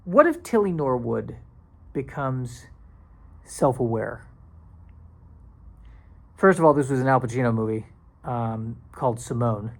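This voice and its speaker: A man's voice: mid-range voice, lively intonation, unhurried, gravelly, pauses often. A man hosting a solo comedy podcast. He rambles in a self-deprecating way, restarts his sentences and now and then drops into silly put-on voices. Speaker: podcast host.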